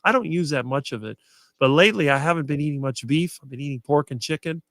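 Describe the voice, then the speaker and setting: A middle-aged man talking casually as a guest and answering quickly with almost no fillers. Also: on the high side, lively intonation, a bit bright, no echo. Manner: fluent and quick, few fillers. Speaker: guest on a diet talk show. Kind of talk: casual conversation on a live stream.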